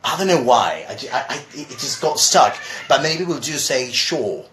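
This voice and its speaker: A man's voice: mid-range voice, big pitch swings, moderate pace, fairly bright tone, roomy sound, slight background noise. A man teaching English in a live stream, chatty and casual, reading viewer questions aloud as he goes. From Argentina. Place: room at home.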